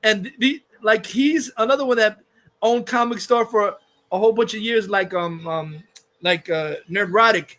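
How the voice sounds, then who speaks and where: A man's voice: high-pitched, moderate pace, pushed and bright. A man hosting a livestream, ranting casually in a heated, profane, insulting way. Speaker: livestream host.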